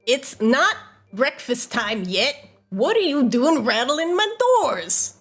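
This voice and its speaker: A woman's voice: high voice, sing-song, slow pace, a bit bright, husky, faint music behind, voice pushed up, full character voice. A woman voicing an irritated little male goblin cook who scolds and snaps at intruders. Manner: snappish, scolding. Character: irritated male goblin kitchen master, small and defiant.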